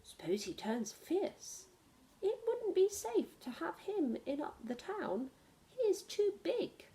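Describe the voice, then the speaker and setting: A woman's voice: very high-pitched, sing-song, takes it slowly, dark tone, pitched above the performer's own voice, full character voice. A woman doing a fussy, fretful town mayor. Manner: fretful, officious.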